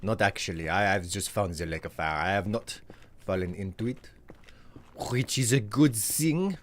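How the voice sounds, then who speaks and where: A man's voice: fairly low pitch, normal speed, slight background noise, natural voice. A man putting on a grandiose theatrical chef. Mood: dramatic. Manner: grandiose, formal declamation. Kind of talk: live-stream role-play voice.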